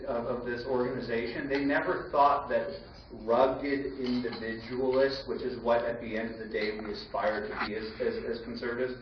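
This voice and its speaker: A man in his forties giving a lively banquet speech full of quick asides and restarts. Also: mid-range voice, far from the mic. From United States. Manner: animated storytelling, rapid asides and repetitions. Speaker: banquet keynote speaker. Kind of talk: live speech with anecdotes. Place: large banquet hall. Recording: echoey, dull banquet-hall recording with noise.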